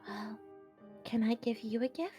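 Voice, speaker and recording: A woman player in a tabletop game, speaking gently and soothingly. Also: on the high side, unhurried, soft background music.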